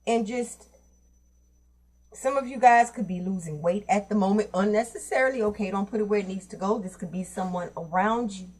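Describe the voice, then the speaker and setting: A woman's voice: medium pitch, fairly quick, a little mellow. A woman giving a casual tarot reading to her viewers, talking bluntly in streetwise slang and cursing freely. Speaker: tarot reader.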